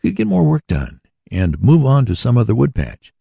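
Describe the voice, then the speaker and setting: A man voicing an eager young male inventor in a storybook reading, brisk in manner. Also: mid-range voice, wildly swooping pitch, vocal fry, warm tone, husky, no echo, clean studio sound, pitched above the performer's own voice, full character voice.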